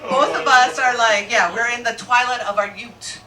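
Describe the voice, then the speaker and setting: A middle-aged woman doing a stand-up comedy set, brash and crude, rising to shouted rants. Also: on the high side, steady tone, normal speed. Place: comedy club stage with audience. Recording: echoey room, distant mic, loud crowd noise.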